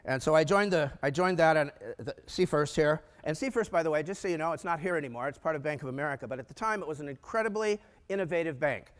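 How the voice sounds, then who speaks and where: A man gives a storytelling keynote at a conference, putting on voices for the people in his anecdotes. His voice sits a little higher than most men's, and a long reverb from the hall trails each phrase. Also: fast, hardly any pauses. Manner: animated storyteller who acts out quoted dialogue. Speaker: conference speaker.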